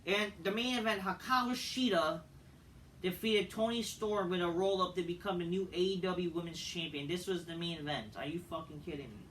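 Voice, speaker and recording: A man's voice: high voice, brisk, fairly bright tone, recorded from a distance, slight background noise, rough recording. A man reviewing a wrestling show in a profane, exasperated casual rant.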